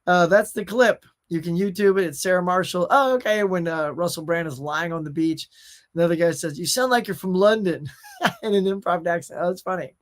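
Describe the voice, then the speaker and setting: A man's voice: sits high, fairly quick. A middle-aged man hosting a casual pop culture show, chatting and reading viewer comments in a rambling way with fillers.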